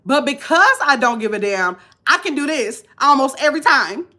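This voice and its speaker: A woman in her fifties speaks with a nasal, high voice that sits above most women's. She lectures her viewers bluntly in a casual live stream and stops to read out their comments. Her tone is bright and forward. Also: lively intonation, normal speed. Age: 50s. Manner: blunt, preachy, reads comments aloud. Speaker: vlogger.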